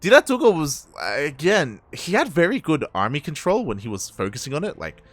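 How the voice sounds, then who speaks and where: A man casting a live strategy game tournament, excitable and laughing often, calling the action as it happens. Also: fairly high pitch, brisk, no echo. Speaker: esports caster.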